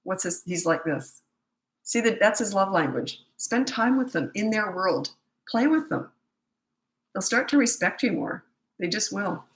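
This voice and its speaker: A woman's voice: medium pitch, sing-song, a little slow, echoey room, low-quality recording. A middle-aged woman parenting coach talking through viewer questions in a chatty, emphatic live advice session.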